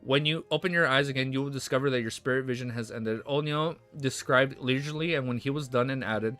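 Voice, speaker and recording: A young man on a live stream, reading a novel aloud and breaking off for excited, swear-filled chat. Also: mid-range voice, soft background music. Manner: reads quickly then breaks into excited swearing reactions.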